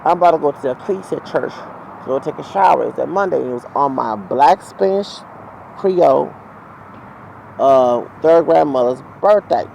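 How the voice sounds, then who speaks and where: A man's voice: a little high, animated, normal speed, vocal fry, a little mellow, low-quality recording. A man telling a heated, profane, rambling story as a vlogger, outdoors near traffic. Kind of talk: ranting storytime monologue.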